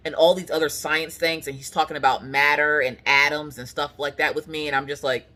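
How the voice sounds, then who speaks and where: A woman chats casually to the camera. She tells stories with plenty of animation and acts out the people she quotes. Her pitch swings widely from high to low. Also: brisk. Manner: animated storytelling with voiced quotes. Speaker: craft vlogger. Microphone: camera on the couch.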